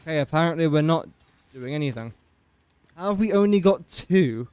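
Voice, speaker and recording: A man's voice: on the high side, lively intonation, moderate pace, a little mellow, smooth, dry recording. A young man casually commentating his gameplay on a livestream, chatty and joking at his own expense. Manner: chatty, self-mocking, joking asides. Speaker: gaming livestreamer.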